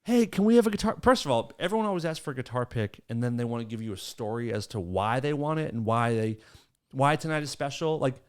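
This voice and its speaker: A young man hosts a podcast chat, his pitch swinging widely as he tells a story. He laughs through it and slips into the voices of the people he quotes. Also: fast, smooth. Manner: animated, laughs mid-story, acts out quotes. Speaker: podcast host.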